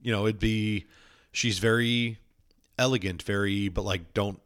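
Low-voiced man rambling in casual chat. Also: fairly even intonation, a little slow, fairly bright tone, clear, resonant tone, dry recording, clean studio sound. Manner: rambling, filler-heavy storytelling with playful asides.

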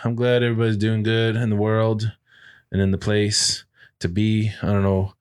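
A man's voice: lowish voice, little pitch movement, moderate pace, clean tone. An American man co-hosting a podcast, chatting casually in a rambling way, with lots of fillers and swearing. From United States. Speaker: podcast co-host. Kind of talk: casual chat.

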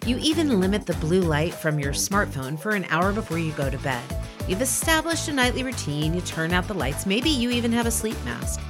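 A woman giving a scripted motivational talk, speaking in a lively, emphatic and conversational way. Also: mid-range voice, fairly quick, over music. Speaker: inspirational podcast speaker.

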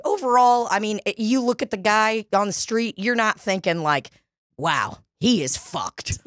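A woman's voice: on the high side, moderate pace, dry recording, clean studio sound. A woman co-hosting a podcast, telling a bar story with lots of swearing and acting out the people she quotes. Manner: profane, animated, acts out quoted voices. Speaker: podcast co-host. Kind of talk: casual storytelling chat. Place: dining room studio.

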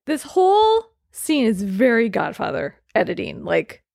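A woman's voice: fairly high pitch, wildly swooping pitch, unhurried, gravelly, darkish tone, no room sound, studio quality. A woman in her forties co-hosting a casual movie podcast, chatty and recapping scenes. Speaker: podcast co-host. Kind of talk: casual chat about movies.

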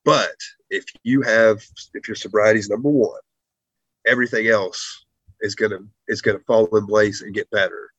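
A man's voice: on the low side, steady tone, moderate pace, a bit bright, no echo, highs cut off. A man speaking as an interview guest, thoughtful and hesitant, with frequent fillers. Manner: hesitant, many fillers and restarts. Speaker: guest, pro wrestler. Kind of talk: interview talk.

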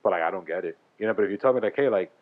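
A man chatting casually as a podcast guest, asking quick, wry questions. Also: low-pitched. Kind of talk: casual chat. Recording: dull lo-fi sound.

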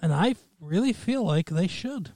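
High-voiced man, dry close sound. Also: lively intonation, measured pace, dark tone, no room sound. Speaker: podcast co-host. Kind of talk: casual chat.

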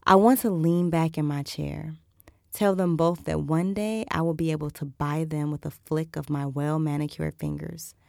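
A woman reading first-person erotic fiction aloud in an intimate, measured way. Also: sits low, fairly even intonation, vocal fry, dark tone, no room sound, clean studio sound. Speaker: audiobook narrator.

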